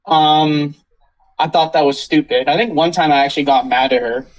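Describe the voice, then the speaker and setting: A man's voice: fairly high pitch, fairly even intonation, normal speed, rough recording. A young man telling a school story on a casual podcast, ranting and swearing, then apologizing. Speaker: podcast host.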